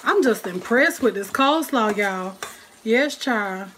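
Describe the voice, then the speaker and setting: Chatty woman cooking, slightly high voice. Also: expressive, takes it slowly, noisy background. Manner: chatty, talks to viewers and family at home. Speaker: cooking vlogger. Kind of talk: casual cooking vlog. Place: home kitchen. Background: frying and sizzling.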